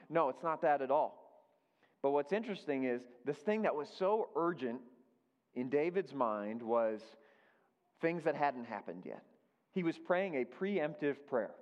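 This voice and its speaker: A man's voice: fairly high pitch, expressive, measured pace. Man preaching a casual sermon. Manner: conversational, repeats key phrases for emphasis. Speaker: pastor. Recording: dull lo-fi sound with long hall reverb.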